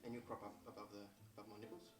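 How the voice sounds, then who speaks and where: A man's voice: lowish voice, little pitch movement, rapid-fire, lightly acted. A man with an Australian accent playing a brash, pushy travelling jersey salesman in a comedic ad, with cocky, relentless sales patter. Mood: boastful. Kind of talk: comedic ad mockumentary. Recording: roomy, distant-mic video audio.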